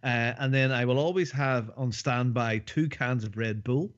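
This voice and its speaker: A man's voice: medium pitch, moderate pace, highs cut off. A man in a casual podcast chat, rambling and hesitant with lots of ums.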